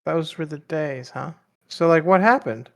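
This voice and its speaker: A man's voice: fairly high pitch, a little slow, gravelly. Casual man questioning in a tabletop game. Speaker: player.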